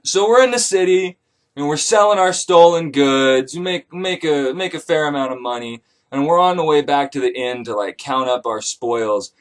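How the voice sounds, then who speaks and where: Profane, deadpan comic narrator, a man with a slightly high voice. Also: normal speed. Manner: irreverent, profane, deadpan asides. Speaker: comedic myth storyteller. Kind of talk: casual comedic retelling.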